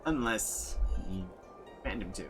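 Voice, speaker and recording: A man narrating as game master in a playful, lively manner. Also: lowish voice, unhurried, loud music behind the voice.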